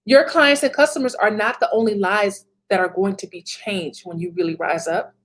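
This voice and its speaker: A woman's voice: mid-range voice, steady tone, normal speed. A woman in her thirties giving a motivational talk as a business coach, emphatic, repeating phrases and laughing often.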